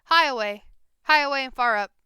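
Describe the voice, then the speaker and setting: A woman voicing a loud, excitable childlike goblin man who talks about himself in the third person in broken speech. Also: high-pitched, fairly quick, smooth, no echo, clean studio sound, voice pushed up. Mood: excited.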